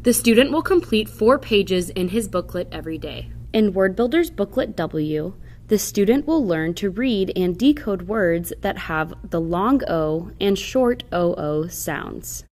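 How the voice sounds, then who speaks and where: A woman's voice: medium pitch, lively intonation, darkish tone. A woman giving scripted instructional narration for a reading program, carefully sounding out example words. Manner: slow, careful demonstration of word sounds.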